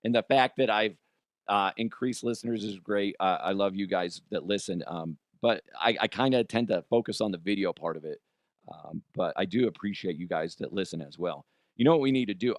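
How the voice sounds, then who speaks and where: Speaking briskly in a low voice, a podcast host rambles through jokey stories on his solo show, laughing at himself and swearing freely. The recording is dry, clean studio sound.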